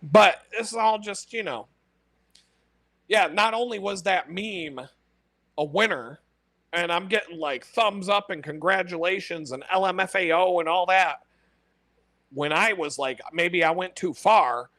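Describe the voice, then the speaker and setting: A man's voice: sits high, measured pace, pushed and bright, dry recording. A man telling blunt stories in a casual monologue, swearing constantly and laughing at his own punchlines. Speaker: podcast host. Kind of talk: casual profane storytelling monologue.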